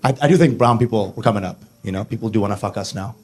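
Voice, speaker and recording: A man's voice: on the low side, rapid-fire, darkish tone, a little hiss or hum. A man performing a brash, profane stand-up set on a club stage, mimicking accents and voices. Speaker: stand-up comedian. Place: comedy club stage before a live audience.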